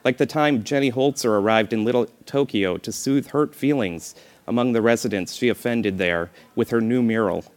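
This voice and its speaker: A man's voice: medium pitch, normal speed. Man reading a memoir with wry asides.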